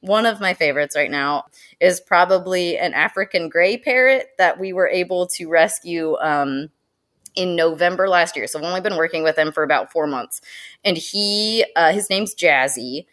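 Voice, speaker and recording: A woman with a somewhat low voice chats as a podcast guest about her work in zoo education. She talks in an animated way, with fillers and frequent laughs. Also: moderate pace. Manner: animated and chatty, laughs often, uses many fillers. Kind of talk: casual podcast interview.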